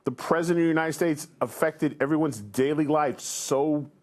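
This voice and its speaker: A man's voice: a little high, moderate pace, darkish tone. A man on a talk show panel, telling a mocking story and laughing as he goes.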